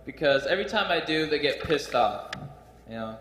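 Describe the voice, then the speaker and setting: A man's voice: a little high, animated, moderate pace, fairly bright tone, slight background noise. Brash young male stand-up comic. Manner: brash, profane, self-mocking. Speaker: stand-up comedian. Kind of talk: stand-up comedy set. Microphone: handheld stage mic.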